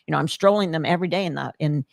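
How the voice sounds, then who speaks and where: A low-voiced middle-aged woman tells a raw personal story on her podcast, earnest and animated as she acts out what she and others said. The sound is close and dry. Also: rapid-fire, creaky, no echo. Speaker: podcast host.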